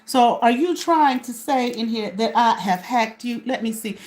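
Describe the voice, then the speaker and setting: A woman whose voice is on the high side and a little mellow speaks unhurriedly as she rants to camera. On her own small channel, she goes after someone with profanity and confrontation, questioning herself as she goes.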